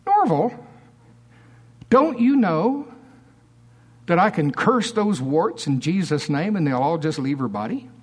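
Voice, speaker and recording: A man's voice: fairly high pitch, big pitch swings, a little slow, pauses often, breathy edge, big-room sound, heavily acted. A man voicing a confident older preacher who asks a bold, challenging question.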